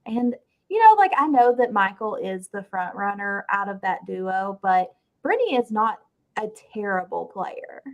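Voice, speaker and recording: A woman's voice: medium pitch, big pitch swings, measured pace, dull audio. Chatty Southern woman co-host. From Southern United States. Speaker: podcast co-host. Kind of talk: casual fan recap chat.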